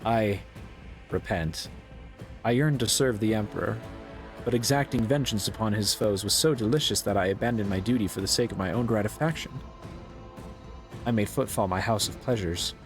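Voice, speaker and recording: A man's voice: on the low side, moderate pace, long pauses, natural voice. A man reading aloud the lines of a zealous female rogue trader who judges harshly, over faint game music. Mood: repentant.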